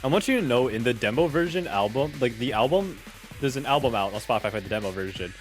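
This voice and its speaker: A man's voice: medium pitch, animated, quick pace, faint music behind. A young man streaming a game live, chatting casually, rambling and stammering with self-mocking jokes.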